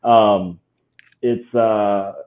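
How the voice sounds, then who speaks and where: A man's voice: lowish voice, fairly even intonation, drawn-out words. A man who is a former police officer, a guest in a casual interview, talking in an easygoing way. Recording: tinny phone-like call audio.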